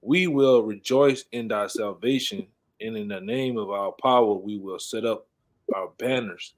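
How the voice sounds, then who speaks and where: A man reading scripture aloud haltingly, stumbling and restarting words. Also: on the low side. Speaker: scripture reader.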